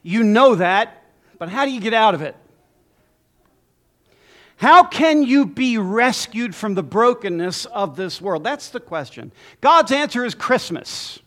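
A man preaching a sermon as pastor, emphatic with dramatic pauses and lists. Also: high voice, expressive, fairly bright tone.

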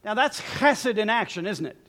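Male preacher, sermon, high voice, animated and joking. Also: normal speed. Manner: lively, humorous, laughs at his own jokes.

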